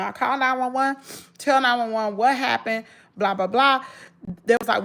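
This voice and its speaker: A woman's voice: a little high, normal speed, creaky, a bit bright. A woman with a Southern US accent, telling an emotional story straight to her viewers in an emphatic, rambling way, full of restarts. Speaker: vlogger.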